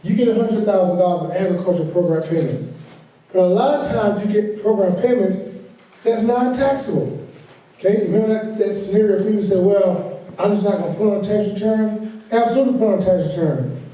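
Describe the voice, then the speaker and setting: A man's voice: high voice, brisk, mellow. Southern man, workshop instructor, folksy and repetitive; recorded from a distance with a heavy room echo. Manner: folksy, repeats key points, laughs easily. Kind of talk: financial training lecture. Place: large echoey meeting room. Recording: echoey room, distant mic.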